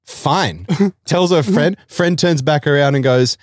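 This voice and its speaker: A young man chatting on a podcast, rambling through a story with loud laughs and sudden shouts. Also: fairly high pitch, slow, dry recording, clean studio sound. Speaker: guest. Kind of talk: casual chat.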